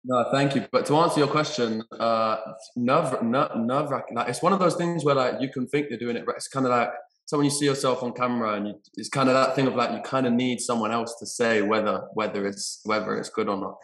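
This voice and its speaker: A young man, an actor chatting casually in an interview, halting with many restarts and repeated words. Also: medium pitch, steady tone, fairly bright tone, echoey room, poor audio. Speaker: actor and producer, interview guest.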